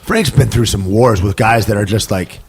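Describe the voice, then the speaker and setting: A man hosting a podcast, talking in a reflective, rambling way with lots of halting restarts. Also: lowish voice, slightly rough. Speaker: podcast host. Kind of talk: casual conversation.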